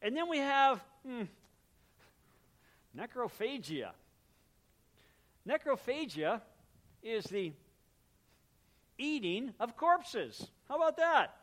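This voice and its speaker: A man with a notably high speaking voice delivers a sermon from the pulpit. He talks to the congregation in an easy, conversational way, unpacking the meaning of words and slipping into quick voiced exchanges to make his point. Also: big pitch swings, fairly bright tone. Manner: conversational, explains word meanings, acts out little exchanges. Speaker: pastor.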